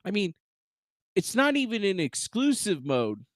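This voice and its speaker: A man streaming from his home setup, ranting casually and profanely, swearing at his own software. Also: high-pitched, sing-song, unhurried, dry recording, studio quality. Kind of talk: casual livestream rant. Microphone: desk microphone with noise gate.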